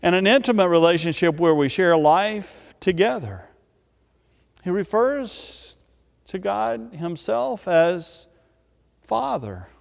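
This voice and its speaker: A man preaching a sermon, speaking emphatically and repeating key words with drawn-out pauses. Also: high voice, creaky. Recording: long reverb of a large hall.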